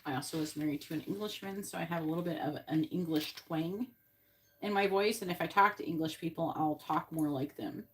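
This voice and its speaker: A woman's voice: low voice, a little fast, noisy background. A woman from Florida giving a live-stream tarot reading, chatting and thinking aloud between card pulls. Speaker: psychic reader.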